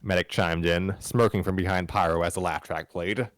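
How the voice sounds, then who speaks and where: A man's voice: deep voice, steady tone, normal speed, dry recording, studio quality. A man hosting a live stream, reading a fan story aloud with frequent stumbles, restarts and wry asides.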